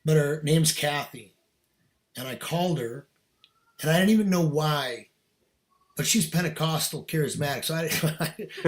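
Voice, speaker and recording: A man guest on a podcast telling a personal story in casual, earnest talk, animated and laughing now and then. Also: a little high, a little slow, long pauses.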